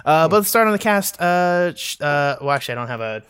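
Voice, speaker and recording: A man's voice: a little high, expressive, quick pace, a bit bright, clean tone, no echo, studio quality. A man hosting a movie podcast, talking in a loose, rambling way with frequent fillers and restarts. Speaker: podcast host. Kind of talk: casual movie review chat.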